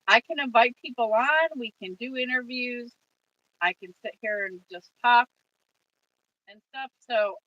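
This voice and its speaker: A woman's voice: fairly high pitch, dry recording, recorded from a distance, muffled recording. A woman hosting a casual trucking livestream, reading viewer comments aloud and chatting back to them.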